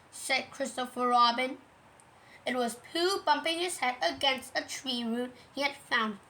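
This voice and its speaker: A woman reading a children's storybook aloud in a gentle, measured way. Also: sits high, expressive, poor audio.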